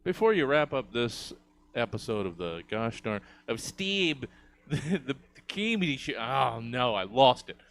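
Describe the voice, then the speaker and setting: A man's voice: mid-range voice, very animated, measured pace, a bit bright. A man hosting a comedy panel show who laughs often and keeps losing his words. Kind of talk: casual comedy panel chat.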